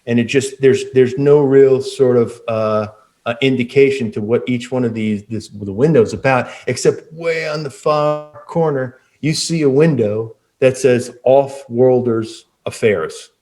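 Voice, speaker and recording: A man's voice: mid-range voice, measured pace, a little mellow. A man narrating a tabletop game as game master, rambling with many fillers and restarts.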